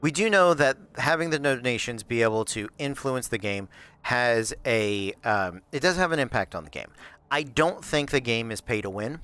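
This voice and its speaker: A man organizing a live game show, explaining the rules in a thoughtful, halting way. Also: mid-range voice, animated, fairly bright tone, clear, resonant tone. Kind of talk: casual live-stream explanation.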